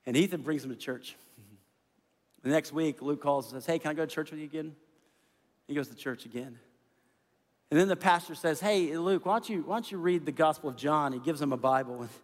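Middle-aged male pastor, earnest storyteller, fairly high voice, long hall reverb. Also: a little fast, long pauses. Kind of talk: sermon.

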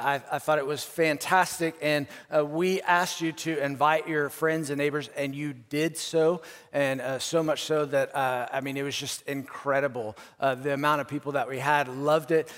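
A pastor preaching a sermon in a casual, energetic way, often stumbling over and repeating his words. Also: fairly high pitch. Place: large church auditorium. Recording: long hall reverb.

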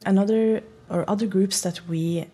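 A woman's voice: mid-range voice, steady tone, moderate pace, dark tone, husky. A woman with a Norwegian accent, a privacy project lead explaining her work in an interview over a video call, thoughtful, with hesitant restarts. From Norway.

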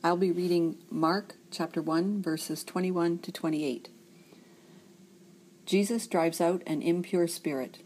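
A woman from Canada reading a scripture passage aloud in a measured, steady way from a library office. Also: fairly low pitch, a little hiss or hum, rough recording. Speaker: scripture reader.

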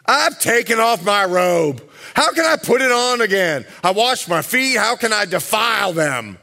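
A man voicing an indignant, sleepy wife who refuses her husband, loud, exasperated and whiny. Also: sits high, big pitch swings, a little slow, vocal fry, exaggerated voice.

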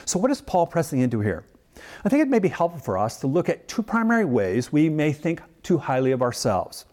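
Male pastor, sermon delivery; measured, explanatory, animated pitch, emphatic slowdowns. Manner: teacherly, explains words and context.

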